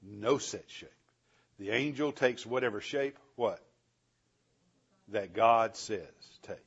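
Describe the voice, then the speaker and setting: A man teaching a Bible class, animated, asking the class questions and chuckling often, on a dull lo-fi recording. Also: lowish voice, slow, gravelly, pauses often, husky.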